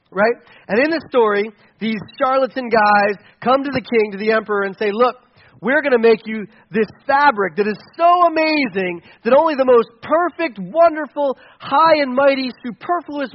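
A man's voice: high voice, dull audio. A male pastor giving a conversational, playful sermon to his congregation.

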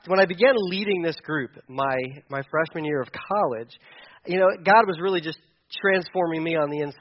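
A man's voice: fairly high pitch, dull audio, a little hiss or hum. A middle-aged man preaching, telling a personal story candidly with a self-deprecating touch and many fillers and restarts. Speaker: pastor. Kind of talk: sermon storytelling.

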